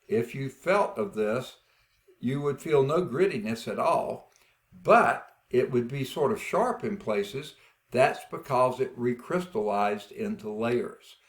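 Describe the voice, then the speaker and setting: A man gives a geology lecture at an unhurried pace, with a gravelly edge in his voice. He talks in a folksy way, thinks aloud as he goes and keeps checking in with his students. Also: medium pitch, animated. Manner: folksy, checks in with frequent "okay?"; thinks aloud, admits uncertainty. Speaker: geology instructor. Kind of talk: classroom lecture with rock samples.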